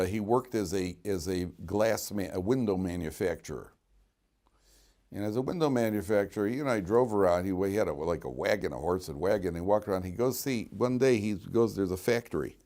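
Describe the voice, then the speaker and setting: A man with a low voice teaches a class briskly as a rabbi, spinning lively stories full of jokes. He's animated and repeats many of his words.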